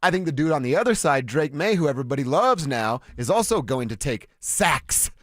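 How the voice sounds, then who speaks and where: Hyped colorado radio dude, voice swings up and down, dry studio. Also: male voice, fairly high pitch, a little fast, few pauses, no echo. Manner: excitable, animated, restarts a lot. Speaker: sports radio co-host. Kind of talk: casual sports talk.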